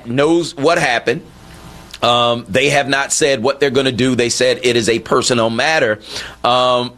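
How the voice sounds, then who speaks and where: A man hosting a radio talk show, his voice bright and forward. He talks in an animated, incredulous way, often climbing to a high, emphatic pitch.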